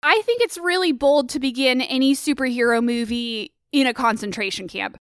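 High-voiced woman chatting about films. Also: smooth, no echo, studio quality. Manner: animated, opinionated, quick asides. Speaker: co-host of a film discussion show. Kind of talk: casual film commentary chat.

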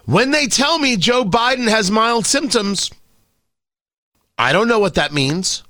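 A man's voice: high voice, lively intonation, measured pace, bright, forceful tone, no echo, studio quality. A man hosting an opinion commentary monologue, sardonic and opinionated, firing off emphatic rhetorical questions. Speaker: commentary show host.

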